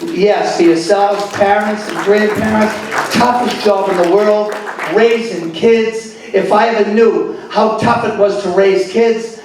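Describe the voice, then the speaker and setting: A man telling comedy stories on stage in a club, animated, with quick asides to the crowd. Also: high voice, noisy background. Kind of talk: stand-up comedy. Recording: echoey club from far off.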